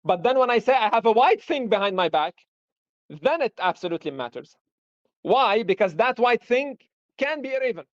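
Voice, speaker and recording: A high-pitched man teaching philosophy on a live stream, working through examples and tossing out rhetorical questions. The sound is dry and dull, like lo-fi stream audio. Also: sing-song, moderate pace, dry recording. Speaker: philosophy lecturer. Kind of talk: live-streamed lecture discussion.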